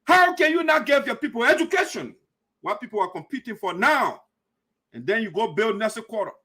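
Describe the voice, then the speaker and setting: Fiery, high-pitched man ranting. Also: big pitch swings, a little fast, husky. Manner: fiery and accusatory, repeating lines for emphasis, sometimes shouting. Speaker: host of a diaspora community show. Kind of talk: impassioned political commentary.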